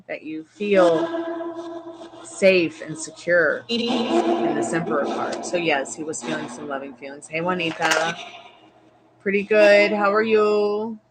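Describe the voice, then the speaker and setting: A woman's voice: fairly low pitch, poor audio. Chatty woman hosting a tarot stream. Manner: chatty, greets viewers by name, addresses spirits. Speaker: tarot reader livestream host. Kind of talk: casual livestream chat. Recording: music playing behind the voice.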